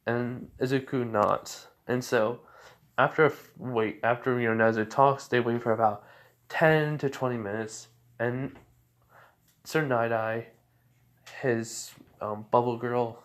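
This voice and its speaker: A man's voice: mid-range voice, fairly even intonation, measured pace. A man narrating an improvised fan story, rambling with many fillers and restarts.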